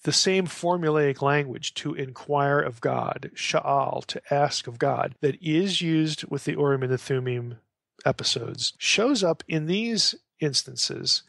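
A man explains scripture in a loose, conversational lecture, stumbling and restarting as he goes. His voice sits a little high with a gravelly edge. The sound is close and dry. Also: slow pace, fairly bright tone, dry recording. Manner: conversational, restarts often, reads quotes aloud. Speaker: Bible scholar lecturing. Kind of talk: informal lecture.

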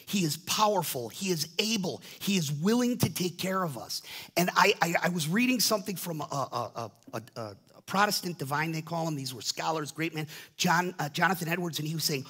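A man's voice: fairly high pitch, a bit bright, slightly rough. A man in his fifties, a pastor, preaching an impassioned sermon, acting out voices in the stories he tells, often repeating words. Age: 50s.

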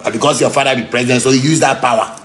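A man with a Ghanaian Pidgin English accent ranting angrily, heated and repetitive, sometimes shouting. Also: mid-range voice, fairly even intonation, rapid-fire, slight background noise. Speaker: musician ranting on a livestream. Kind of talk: angry unscripted rant.

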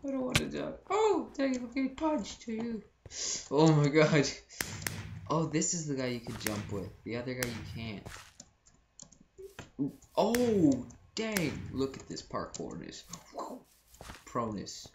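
A teenage gameplay commentator talking excitedly and yelping in panic, repeating phrases over and over. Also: mid-range voice, slow, background noise. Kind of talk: excited let's-play commentary. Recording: echoey room with keyboard clicks.

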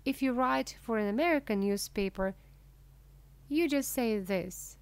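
A woman reading a humorous story aloud as scripted narration, slowly and clearly. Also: on the high side, expressive, a little mellow. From Russia. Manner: slow, clear, deliberate reading. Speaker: audiobook reader. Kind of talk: scripted narration of a graded reader.

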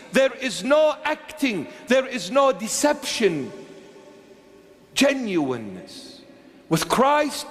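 A man's voice: extremely high pitch, in a large hall. A man, a bishop, preaching a sermon with emphatic, pleading repetition. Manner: emphatic, repeats phrases, pleading.

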